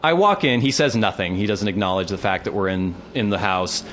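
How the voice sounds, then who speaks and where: A man's voice: fairly low pitch, brisk, a little hiss or hum. A man hosting a podcast, telling a story in casual chat with lots of swearing and acted-out quotes. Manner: animated storytelling, acts out quotes, swears a lot. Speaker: podcast host.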